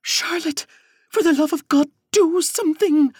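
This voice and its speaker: A woman voicing a frantic young woman who cries out in a high, shrill, loud voice. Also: measured pace, no room sound, studio quality. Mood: panicked.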